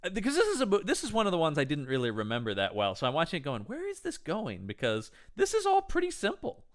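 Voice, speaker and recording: A man's voice: wildly swooping pitch, quick pace. A man co-hosting a podcast, chatting casually about a horror movie and joking as he acts out lines from it. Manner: jokey, acts out quoted characters with sudden high pitch jumps. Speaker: podcast co-host. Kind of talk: casual movie review chat.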